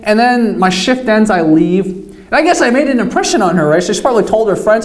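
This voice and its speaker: A man's voice: high-pitched, expressive, a little fast. A young man casually telling a rambling, self-mocking story with plenty of swearing. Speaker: vlogger. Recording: echoey room.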